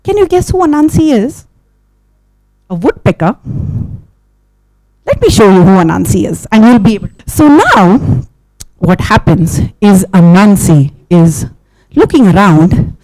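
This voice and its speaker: A woman telling an interactive story to a live audience, keeping it animated with questions and sound effects. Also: medium pitch, a little slow, pauses often, no room sound. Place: festival session with a live audience.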